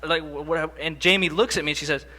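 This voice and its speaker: A man's voice: on the high side, quick pace, sharp tone. A young man giving a storytelling conference talk, conversational with self-deprecating humor, on a stage microphone in a large hall. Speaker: conference speaker. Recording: long hall reverb.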